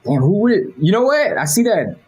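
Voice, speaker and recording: Husky la guy rambling casually, swears a lot, laughs easy. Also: sits high, sing-song, brisk, a little mellow, lo-fi sound. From Los Angeles. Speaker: guest, animation director. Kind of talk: casual interview chat.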